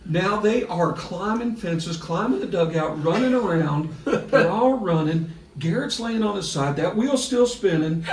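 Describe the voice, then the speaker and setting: A middle-aged man, a sports broadcaster guest on a podcast, telling a story in a lively way and laughing through it. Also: sits high, unhurried. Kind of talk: casual storytelling. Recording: echoey room, distant mic, faint hiss.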